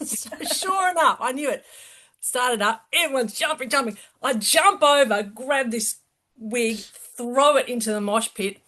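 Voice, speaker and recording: A middle-aged woman in a band, telling a story in an animated, salty way with lots of laughing. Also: fairly high pitch, measured pace. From Australia. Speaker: band member. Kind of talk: casual interview storytelling.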